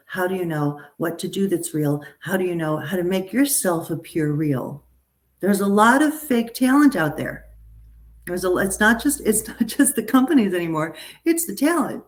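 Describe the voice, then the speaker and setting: A middle-aged woman, a talent agent, talking casually and animatedly to a group. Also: fairly low pitch. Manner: animated, chatty, frequent restarts and asides. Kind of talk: casual live talk to a group.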